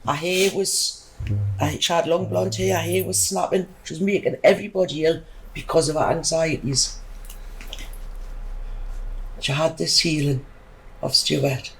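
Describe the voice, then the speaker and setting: A woman's voice: low-pitched, steady tone, unhurried, long pauses, a little hiss or hum, poor audio. A middle-aged woman, chatting emphatically as a podcast guest and telling a rambling personal story. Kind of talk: casual storytelling.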